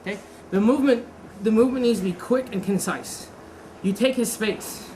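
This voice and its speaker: Leading a martial arts seminar, a woman speaks casually at a moderate pace, with a voice on the high side. She quizzes her students and corrects herself, and steady background noise sits under a roomy echo.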